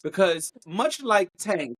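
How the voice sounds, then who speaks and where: A podcast co-host whose pitch swings widely. The delivery is animated and opinionated, with a playful teasing edge. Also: slow. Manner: animated, jumps pitch to mimic singers. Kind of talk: casual podcast chat.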